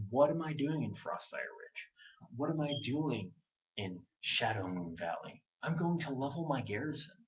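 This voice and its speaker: A man talking straight into his webcam in a loose, worked-up rant. He swears freely and puts on other people's voices when he quotes them. His voice sits at an ordinary pitch, and the webcam audio is a little dull. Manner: animated, profane, mimics others in quotes. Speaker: gamer ranting on webcam. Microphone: webcam mic.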